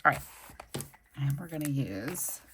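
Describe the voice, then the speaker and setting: Recovering from a migraine, a young planner channel host gushes over stickers and chats casually as she decorates her planner. Her rumbling low voice is expressive and unhurried with a slightly bright tone, and there's slight background noise.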